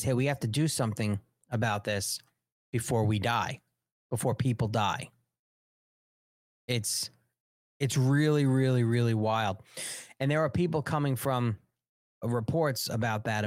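Man, talk show host, fired-up, repetitive, mid-pitched, dry close mic. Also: no room sound. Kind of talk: live talk show commentary.

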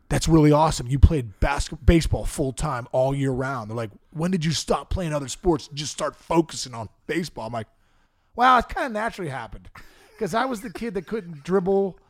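A middle-aged man from the Pittsburgh area telling comic stories on a podcast, acting out quotes with shouts and laughs. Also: a little high, creaky, no room sound. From Pittsburgh area, USA. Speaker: podcast guest. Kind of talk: comic storytelling.

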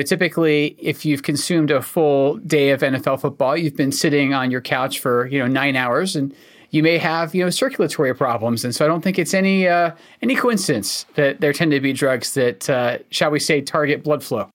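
Man, mild Scottish accent, fairly high voice, measured, explanatory, dry humor, podcast co-host. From Scotland. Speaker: co-host, oncologist. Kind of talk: casual podcast chat.

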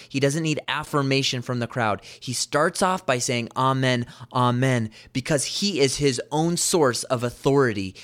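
A man preaching a sermon as pastor, reading scripture aloud and repeating key phrases with emphasis. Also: mid-range voice.

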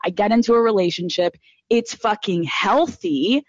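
A woman's voice: medium pitch, moderate pace, no room sound, lo-fi sound. A woman in her twenties hosting a live podcast, chatting candidly and telling stories with lots of swearing. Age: 20s. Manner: candid, profane, animated storytelling. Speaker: podcast host. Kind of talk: casual live podcast chat. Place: live audio room.

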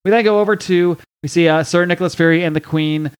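A man's voice: high voice, fairly even intonation, quick pace, clear, resonant tone. A man hosting a podcast, casually recapping a comic book with lots of fillers and restarts. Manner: recaps a comic with frequent fillers, reads dialogue aloud. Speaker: podcast host.

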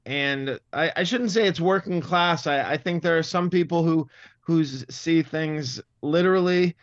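Interviewed as a guest, this comedian in his fifties, originally from Massachusetts, keeps stumbling and restarting as he thinks aloud in a neutral Midwestern-style American accent. He speaks at a measured pace with a fairly high pitch. There's no echo, though the top end of the audio is clipped.

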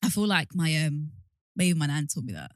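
A woman co-hosting a podcast in casual chat, playful and giggly, quick to agree. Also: deep voice, very animated, no echo, studio quality. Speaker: podcast co-host.

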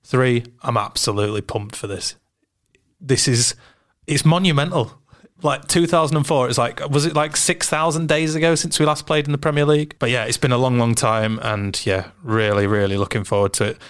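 A man's voice: mid-range voice, fairly quick. A man on a football podcast who talks casually, often stopping and repeating words as he thinks. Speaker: podcast co-host.

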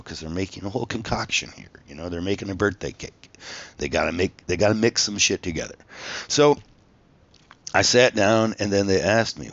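Profane low-voiced tattoo artist telling stories. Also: male voice, muffled recording. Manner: profane, animated, reenacts his own outbursts. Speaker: tattoo artist and former reality show contestant. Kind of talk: casual storytelling monologue.

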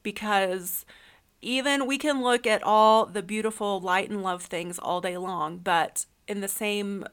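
A woman's voice: medium pitch, steady tone, measured pace, fairly bright tone. A woman giving a reflective spiritual self-help talk, asking the listener many questions in an earnest way. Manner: uses fillers like um and you know. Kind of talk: solo spiritual talk, podcast-like.

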